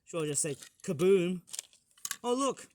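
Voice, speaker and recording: A man chatting excitedly outdoors while smashing toys for a review vlog, often laughing and whooping. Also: high voice, a little slow, a little hiss or hum. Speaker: toy reviewer. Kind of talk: casual toy-smashing vlog. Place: outdoors on a hot day.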